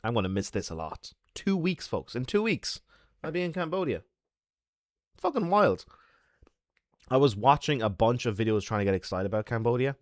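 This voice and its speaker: A man's voice: mid-range voice, very animated, moderate pace, long pauses, dry recording. Irish man, streamer, rambling casual chat, dry close sound. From Ireland. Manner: chatty, rambling.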